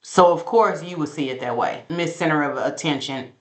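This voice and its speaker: A woman's voice: low-pitched, moderate pace, reverberant. Sassy woman recapping reality TV. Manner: sassy, gossipy, talks straight to viewers. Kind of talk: casual recap commentary.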